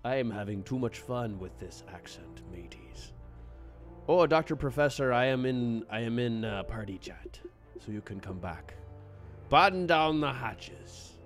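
Excitable male game streamer. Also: on the low side, normal speed, faint music behind. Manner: excitable, playful, greets chat by name, jokey pirate talk. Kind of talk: live gameplay streaming.

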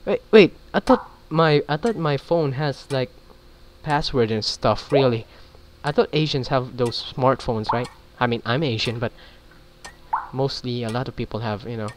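A man talking through a story game in a relaxed, chatty way, thinking aloud over his choices. His voice sits at a middle pitch. A faint hiss of noise runs underneath. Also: normal speed. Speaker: gaming channel host. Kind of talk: video game commentary, reading choices aloud.

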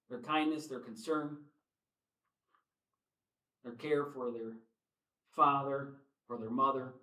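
A middle-aged man preaching a sermon in a church, shifting from soft, slow reflection to loud, emphatic appeals. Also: mid-range voice, reverberant, rough recording. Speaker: pastor. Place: church sanctuary.

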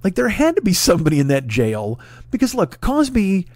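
A man's voice: high voice, huge pitch swings, a little fast, a little mellow, no room sound, clean studio sound. A man in his forties delivering a solo comedic podcast monologue, ranting and swearing freely, chuckling and restarting sentences as he riffs. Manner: profane, ranting, riffing with laughs and restarts. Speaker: podcast host.

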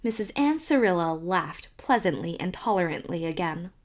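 A woman reading a classic novel aloud as an audiobook narrator in a measured storytelling manner. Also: on the low side, lively intonation. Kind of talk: scripted narration.

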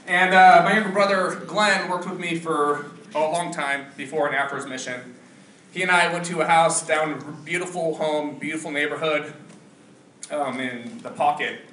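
A man telling comic stories from his life to a live audience, laughing often and talking in a loud, animated way. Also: fairly high pitch, moderate pace. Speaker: storyteller at a ward variety show. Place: church hall with a live audience. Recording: roomy hall, mic at a distance, audience noise.

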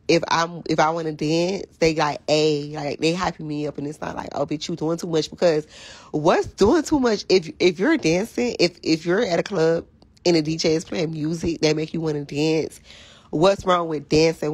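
A woman with a hoarse, raspy voice, chatting casually to viewers on a phone livestream in a candid, profane, rambling way. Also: deep voice, no room sound. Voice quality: raspy, gravelly voice.

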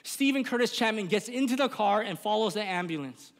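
A man's voice: sits high, expressive, fairly quick. A man preaching a sermon as pastor in a church, earnest and rising to impassioned appeals. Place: church sanctuary. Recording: reverberant church hall.

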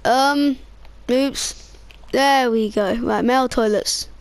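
A woman's voice: a little high, steady tone, slow. A woman playing a student in a casual game role-play, talking hesitantly with many fillers.

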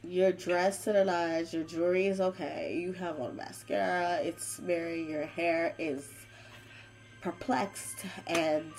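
Excitable woman reacting to a horror film. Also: lowish voice, slow pace, soft background music, rough recording. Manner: talks back to the screen, emphatic and excitable; chatty, uses homespun comparisons. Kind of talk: casual reaction commentary.

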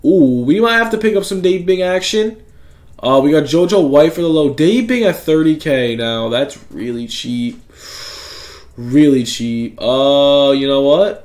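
A man's voice: fairly high pitch, darkish tone. Hyped young man commenting on gameplay. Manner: hyped, slangy, talks to viewers. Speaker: gaming YouTuber.

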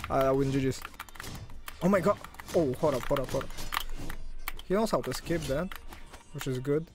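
Over background music, a young man gives live commentary on his gameplay stream in accented, non-native English. He speaks at a moderate pace in a mid-range voice, excitable and alternating between groaning and shouting.

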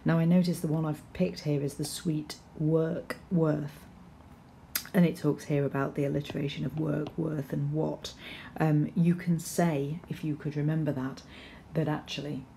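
Woman English teacher, low and mellow, explains patiently with ums, faint background noise. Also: normal speed, creaky. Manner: explanatory, steady, with frequent ums and restarts. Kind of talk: recorded poetry lesson with slides.

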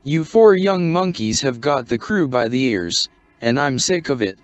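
A man voicing a gruff, stern ship's captain who speaks curtly and blusters at the boys in mock severity. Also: medium pitch, lively intonation, a little slow, no room sound, natural voice. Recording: dull, muffled lo-fi recording.

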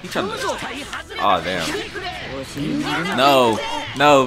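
A young man giving casual live commentary while playing ranked fighting-game matches, swinging between muttered complaints and yelled reactions. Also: medium pitch, wildly swooping pitch, drawn-out words, pauses often. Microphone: desktop USB microphone. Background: loud game music.

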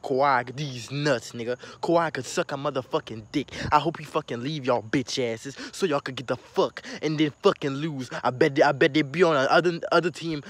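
A young man in a profane, angry rant as a sports fan who lost a bet. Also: on the high side. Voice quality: profane, ranting. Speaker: disappointed fan.

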